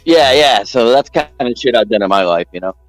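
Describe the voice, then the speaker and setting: A man telling a long story in casual chat, rambling and animated, jumping up in pitch when he quotes people. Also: brisk, no echo, faint music behind, low-quality recording.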